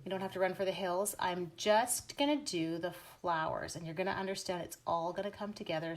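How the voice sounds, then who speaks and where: A woman's voice: on the low side, a little fast, hardly any pauses. A Canadian woman hosting a live craft stream from home, chatting and giggling at herself as she stamps and colors and greets viewers by name.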